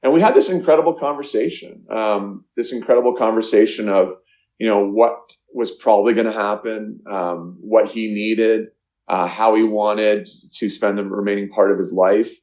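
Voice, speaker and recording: A middle-aged man from Canada telling a personal story in an interview, earnest and halting, with many fillers and restarts. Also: fairly low pitch, a little mellow. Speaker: guest, charity founder. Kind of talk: emotional storytelling in a podcast interview. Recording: echoey, muffled lo-fi sound.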